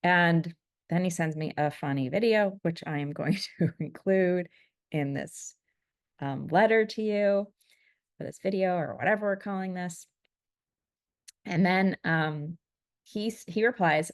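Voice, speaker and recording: A middle-aged woman telling a personal family story in a candid, reflective way, getting animated as she acts out both sides. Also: lowish voice, a little slow, long pauses, no echo, clean studio sound. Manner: candid, animated when quoting, laughs at herself. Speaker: vlogger.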